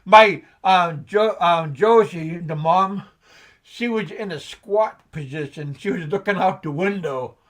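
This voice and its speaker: A man's voice: high voice, fairly bright tone. A middle-aged man hosting a casual chat, telling a story with many restarts, fillers and laughs. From United States. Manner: halting, many restarts and ums, laughs at own jokes. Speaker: show host.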